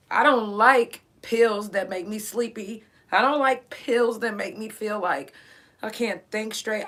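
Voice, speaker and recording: A woman's voice: medium pitch, a bit bright. Woman telling a painful story bluntly. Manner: blunt, profane, emotional, in pain. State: in pain, near tears. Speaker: podcast host. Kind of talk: personal story, casual monologue.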